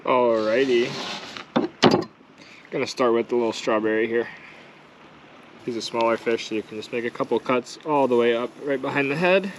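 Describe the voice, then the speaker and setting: A man's voice: medium pitch, moderate pace, pauses often, background noise. A man talking casually and matter-of-factly, walking viewers through a task step by step. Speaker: vlogger. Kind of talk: casual how-to narration.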